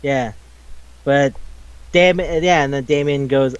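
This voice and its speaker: A man chatting casually about a video game, rambling and swearing as he acts out the characters' lines in quick bits. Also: mid-range voice, clear, resonant tone, dry recording, dull audio. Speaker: podcast co-host.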